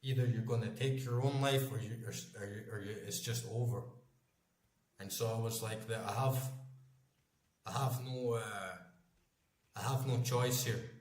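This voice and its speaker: A man's voice: medium pitch, steady tone, a little slow, pauses often, darkish tone. A man in his forties, a gaming channel host, chatting casually in a rambling, emphatic way and swearing constantly. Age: 40s. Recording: echoey room.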